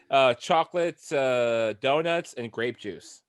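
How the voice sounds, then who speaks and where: A man trades wry jokes on a casual podcast. His pitch swings about as he chuckles and stumbles through his lines, and the recording sounds dry and close. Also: expressive, extremely slow, no room sound.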